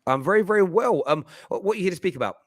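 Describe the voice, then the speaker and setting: A man's voice: high-pitched, animated, rapid-fire, dry recording, studio quality. A man hosting a live football phone-in stream, chatting and bantering with viewers. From England. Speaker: football podcast host.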